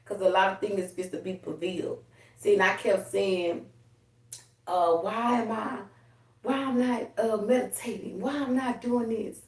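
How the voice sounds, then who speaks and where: A woman's voice: mid-range voice, fairly even intonation, unhurried, a little mellow. A woman hosting a spiritual livestream in a heated, profane, preachy way. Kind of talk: casual spiritual livestream talk. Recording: echoey room, a bit far from the mic.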